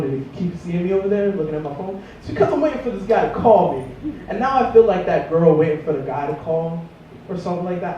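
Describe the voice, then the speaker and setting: A young man doing a stand-up routine, telling a rambling, self-mocking story and jumping into squeaky voices for the characters. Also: mellow, highs cut off, slight background noise. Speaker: stand-up comedian. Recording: echoey room, distant mic.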